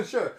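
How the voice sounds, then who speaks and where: A young man chatting casually on a stream while opening trading cards, rambling and playful and laughing often. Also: high voice.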